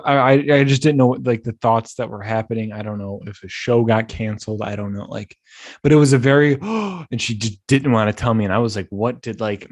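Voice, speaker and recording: A young man hosting a podcast, rambling through animated stories full of restarts. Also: fairly low pitch. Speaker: podcast host. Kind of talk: casual chat.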